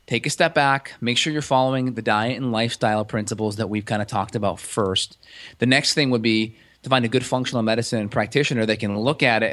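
A man's voice: medium pitch, fairly bright tone. A man co-hosting a casual health podcast, explaining clinical details in an easygoing, explanatory way with frequent restarts. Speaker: functional medicine practitioner co-host.

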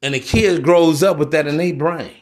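High-voiced man ranting in street slang. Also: moderate pace. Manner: profane, preachy, street-slang rant addressed to listeners. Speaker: podcast host. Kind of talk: solo podcast monologue.

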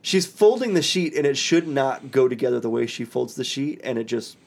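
A man in his thirties co-hosting a casual podcast, telling stories with animated, mock-serious humor. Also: mid-range voice, brisk, gravelly. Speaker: podcast co-host. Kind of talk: casual chat.

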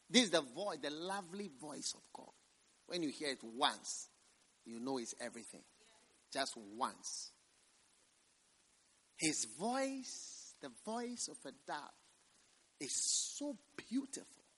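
A male pastor preaching at a revival service, his voice high and bright. It rises and falls widely, and he stretches scripture lines out slowly before dropping to a near hush. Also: very animated, husky. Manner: swings from loud preaching to hushed, slow quotes. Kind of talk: revival sermon.

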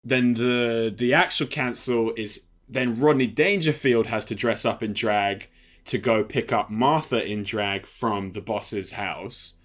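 A man co-hosting a casual film podcast, retelling scenes with halting restarts and frequent laughter. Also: medium pitch, fairly bright tone. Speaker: podcast co-host. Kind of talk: casual film-review chat.

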